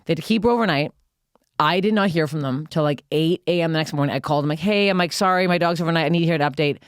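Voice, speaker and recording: Young canadian woman ranting a story on a podcast, talks super fast, dry close mic. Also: deep voice, smooth, no room sound. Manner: fast, profane, animated storytelling. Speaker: podcast co-host. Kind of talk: casual storytelling chat.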